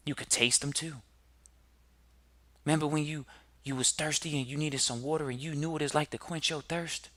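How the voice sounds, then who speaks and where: Bright-voiced man giving a motivational talk. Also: a little high, no room sound. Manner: preachy, builds to loud emphatic peaks; addresses listeners directly with rhetorical questions. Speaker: podcast host.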